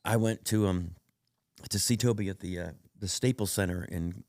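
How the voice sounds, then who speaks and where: Comedian guest, man, low gravelly voice, rambling anecdotes with lots of restarts, dry close mic. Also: moderate pace, darkish tone, dry recording. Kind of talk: casual storytelling interview.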